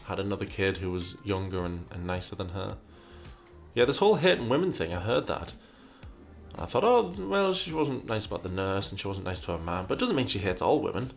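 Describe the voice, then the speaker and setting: A man hosting a casual commentary show, reading out viewer questions and answering them in a rambling, wry way with lots of restarts. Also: lowish voice. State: burpy after breakfast.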